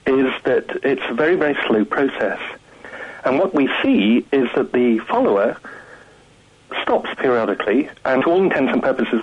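A man who is a guest scientist, explaining things calmly and with enthusiasm in a radio interview. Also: medium pitch, husky, lo-fi sound.

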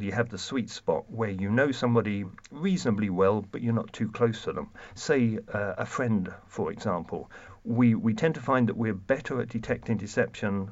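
A man with a lowish voice lays out research findings in a measured, explanatory way, now and then restarting a phrase. The recording sounds a little dull and lo-fi. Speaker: deception researcher guest. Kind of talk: expert explanation.

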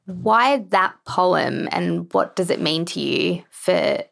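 A woman's voice: on the low side, lively intonation, slow, vocal fry, a bit bright. A woman hosting an interview, asking thoughtful, loosely phrased questions. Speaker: interview host. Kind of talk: conversational interview.

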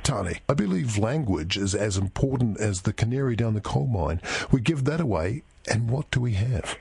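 A man's voice: on the low side, lively intonation, moderate pace, gravelly, darkish tone, breathy edge, no echo. A man playing a pompous, condescending talkback radio host in a comedy sketch.

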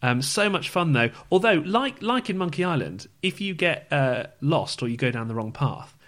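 A man's voice: a little high, sing-song, moderate pace, a bit bright. A man co-hosting a gaming podcast in a rambling, chatty way. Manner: rambling, chatty, self-correcting. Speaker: podcast co-host. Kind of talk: casual chat.

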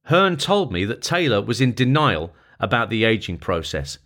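A man narrating a long-form feature article as scripted narration, in a measured, even reading voice. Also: fairly low pitch.

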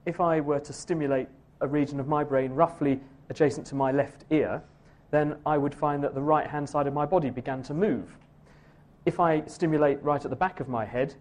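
A man's voice: medium pitch, a little mellow. A man answering an audience question on a live science radio show, explaining fluently and at length. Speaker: science presenter.

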